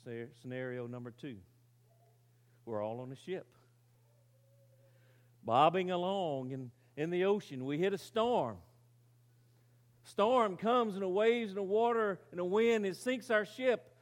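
A man preaching, telling a story with dramatic swings from loud to very quiet and asking his listeners rhetorical questions. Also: high-pitched, expressive, unhurried, long pauses. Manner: asks the audience rhetorical questions. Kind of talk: sermon illustration.

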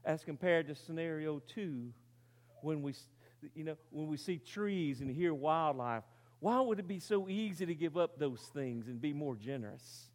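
Male preacher, fairly high voice, dramatic storyteller who drops to a hush, rhetorical questions. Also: moderate pace. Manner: dramatic storytelling, rises loud then drops very quiet; asks the audience rhetorical questions. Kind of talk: sermon illustration.

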